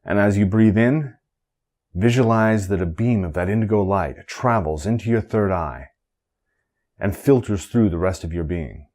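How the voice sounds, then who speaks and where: A man with a deep, low voice teaching a candle-gazing meditation. He speaks in a calm, measured, instructive way, now and then chanting a short mantra.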